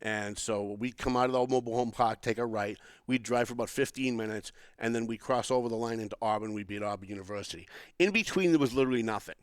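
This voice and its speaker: A man's voice: medium pitch, fast, clear, resonant tone, dry recording. A man from the area, hosting a podcast and telling a long story with lots of restarts. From Boston area. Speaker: podcast host. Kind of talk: casual political chat.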